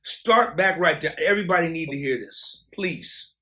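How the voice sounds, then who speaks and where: A man's voice: fairly high pitch, moderate pace, bright, forceful tone. A male host cutting in eagerly to ask his guest to repeat a story. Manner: eager, interrupting.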